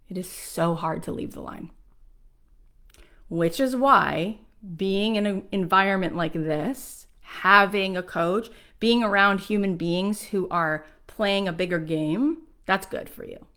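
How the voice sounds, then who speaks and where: A woman's voice: mid-range voice, slow pace, a bit bright. A woman in her forties from South Florida gives a live motivational talk to an audience, speaking candidly and emphatically with frequent "um" fillers. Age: 40s.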